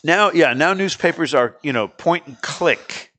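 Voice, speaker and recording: A man hosting a casual chat, jokey and animated, laughing often. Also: fairly high pitch, a little slow. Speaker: radio show host.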